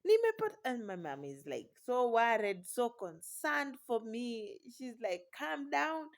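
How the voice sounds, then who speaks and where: A woman's voice: on the high side, expressive, a little slow. A woman, a new mother, telling a personal story in an exclamatory, dramatic way with frequent laughter.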